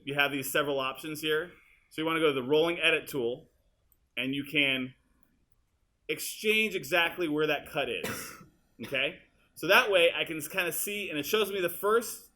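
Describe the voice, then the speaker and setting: A male teacher walking students through an editing demonstration in a high school classroom, casual and chatty as he works. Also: sharp tone. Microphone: room mic, uneven audio quality.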